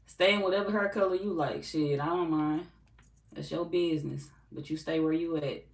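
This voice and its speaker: A woman's voice: low-pitched, fairly even intonation, normal speed. A woman from St. Louis with a local accent, a tarot reader chatting casually and bluntly with her live chat, cursing and laughing often. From St. Louis, US Midwest. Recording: echoey room, distant mic, faint noise.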